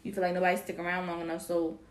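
A woman co-hosting a casual group chat, animated and laughing often as she acts out quotes. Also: on the low side, racing, echoey room.

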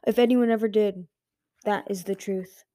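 A woman reading aloud as a weary old male dragon, near death and aloof. He talks dryly and slowly, faintly amused, in a mellow, dark-toned voice. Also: fairly even intonation, dry recording, close to an everyday voice. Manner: dry, faintly amused, low and slow.

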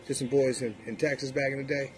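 A man's voice: mid-range voice, fairly even intonation, fast talker, soft background music. A man in casual chat, emphatic and opinionated, swearing freely. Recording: background noise.

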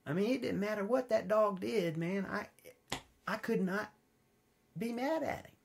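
A man preaching a sermon in a relaxed, conversational way, telling personal stories with big swings between loud high peaks and low quiet passages. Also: a little slow, vocal fry. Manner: informal storytelling, wide swings in pitch and loudness, drops low and quiet for stories.

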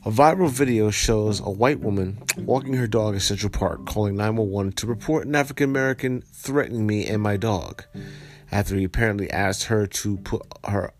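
Low-voiced man, blunt podcast host. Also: brisk, soft background music. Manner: blunt and profane, heated when ranting. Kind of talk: reading a news story aloud, then ranting commentary.

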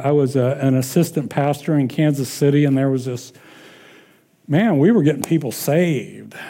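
A man with a fairly high, mellow voice preaches a sermon, posing questions to the congregation and answering them himself. His delivery is slow and drawn out in a call-and-response style, and he later chuckles his way through casual personal stories.

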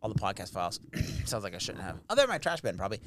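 A man's voice: lowish voice, huge pitch swings, rapid-fire, noisy background. A man hosting a podcast, telling a story in casual chat, swearing and laughing as he goes. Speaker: podcast host.

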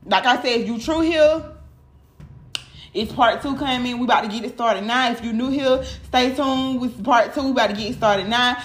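A woman doing a casual tarot reading, animated and profane, talking straight to her viewers. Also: on the high side, a little fast, hardly any pauses. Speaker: tarot reader. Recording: echoey room with clear background noise.

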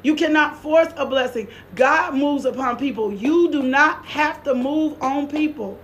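A woman preaches with a high, fervent voice. She exhorts and repeats lines over and over, breaking into laughter. She sounds middle-aged. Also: unhurried, highs cut off. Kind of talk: preaching sermon.

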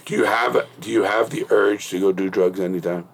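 A man's voice: lowish voice, fairly quick, slightly rough. A middle-aged man hosting a podcast, telling blunt, profane stories in casual interview chat. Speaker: podcast host.

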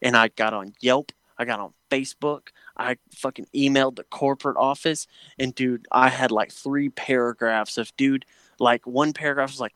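A man's voice: medium pitch, fairly even intonation, normal speed, a bit bright, clear, resonant tone, dry recording. A man, chatting casually and telling long, profane stories as he rants about everyday annoyances. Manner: profane, ranting storyteller. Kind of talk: casual chat. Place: home patio.

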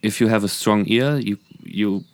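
A man with a German accent and a fairly low voice, a musician guest on a casual podcast, speaks earnestly and reflectively at a moderate pace, often restarting his sentences. The recording is dry.

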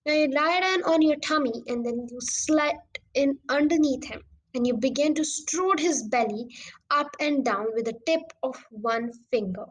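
A woman doing a fiery, mischievous old country doctor, high-pitched, storybook reading. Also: moderate pace, close to an everyday voice, rough recording. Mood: explaining. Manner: storybook reading with lively emphasis.

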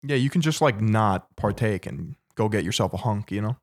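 A man's voice: fairly low pitch, lively intonation, moderate pace. A young man co-hosting a casual podcast, laid-back and teasing, cursing casually. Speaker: podcast co-host.

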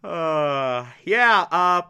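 A man casually recapping a story, with a bright, forceful voice pitched a bit high. He laughs often and drops sarcastic asides along the way. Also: lively intonation, extremely slow, clear, resonant tone. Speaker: anime recap host.

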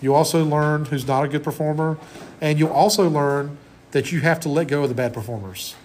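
A man's voice: fairly high pitch, fairly quick, a little mellow, a little hiss or hum. A man in his forties giving a conversational classroom lecture as college instructor, often restarting his sentences. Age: 40s.

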